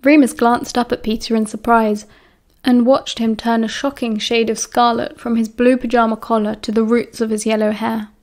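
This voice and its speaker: A woman with a British accent narrating an audiobook in a calm, even storytelling manner. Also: a little high, normal speed. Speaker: audiobook reader.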